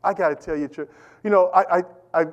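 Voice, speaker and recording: A middle-aged man preaching a sermon as pastor, animated and repetitive, calling out to the congregation. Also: sits high, fast, dull audio. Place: church.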